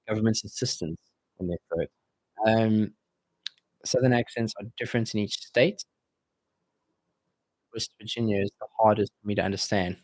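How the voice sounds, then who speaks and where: A man's voice: on the low side, moderate pace, long pauses, no echo. Jokey man chatting on a dry mic. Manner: jokey, reads viewer comments aloud and banters. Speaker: streamer hosting a Q&A. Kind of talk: casual live stream chat.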